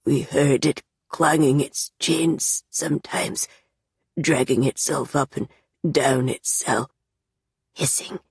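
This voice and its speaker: Woman voicing a tormented male captive, low, raspy, whispery, monotonous, dry close audiobook sound. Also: very slow, pauses often, dry recording, full character voice. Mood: haunted. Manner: monotonous, hushed. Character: haunted young male captive, broken and tormented. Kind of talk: audiobook character voice.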